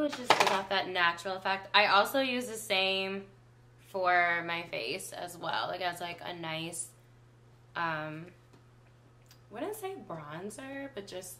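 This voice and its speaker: A woman's voice: mid-range voice, bright, forceful tone, slight background noise. A young woman chatting casually through a makeup routine as a beauty vlogger, full of filler likes. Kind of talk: casual makeup tutorial chat.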